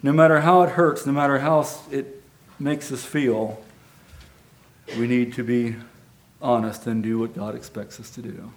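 A man's voice: medium pitch, fairly even intonation, measured pace, long pauses, darkish tone. A man who reads a children's story aloud and then preaches a sermon, in an earnest manner with frequent restarts.

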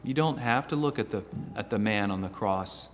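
Earnest preacher in a reverberant hall. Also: male voice, lowish voice, moderate pace, slight background noise. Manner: earnest, stammering restarts, swings between loud and hushed. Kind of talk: sermon.

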